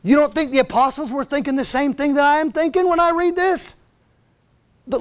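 A man's voice: very high-pitched, fairly even intonation, a little fast. A man preaching a sermon in a church as a visiting missionary, emphatic and conversational, urging his listeners with "listen" and "come on now". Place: church sanctuary.

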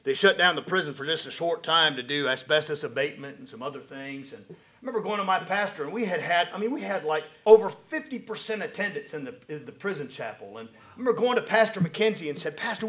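Man, high voice, preacher, folksy animated sermon, middle-aged. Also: quick pace. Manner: folksy, animated preaching with rising and falling volume.

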